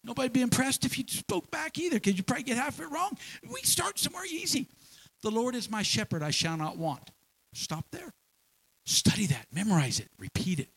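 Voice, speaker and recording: A man preaching a sermon in a church, folksy and animated, with homespun examples and repeated phrases. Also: very high-pitched, brisk, husky, rough recording. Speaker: pastor.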